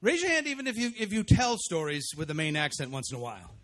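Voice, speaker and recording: Fast-talking man hosting a stage show. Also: fairly high pitch. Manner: energetic, joking with the crowd. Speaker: master of ceremonies. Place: outdoor festival stage.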